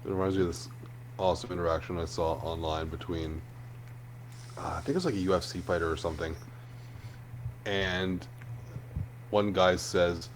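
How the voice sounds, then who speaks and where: A man co-hosting a podcast, telling an anecdote in a relaxed, chuckling way. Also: sits low, normal speed, long pauses, slight background noise. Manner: laid-back, chuckling storyteller. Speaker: podcast co-host. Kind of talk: casual chat.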